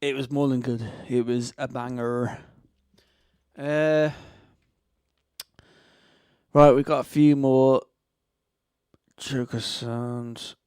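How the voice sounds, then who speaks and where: A man's voice: mid-range voice, little pitch movement, very slow, pauses often, darkish tone, clean tone, dry recording. Gloucestershire man rating tunes in offhand chat, resonant voice, dry sound. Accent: Gloucestershire English. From Gloucestershire, England. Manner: rambling, self-mocking asides. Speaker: host reviewing music tracks. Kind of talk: casual music review chat.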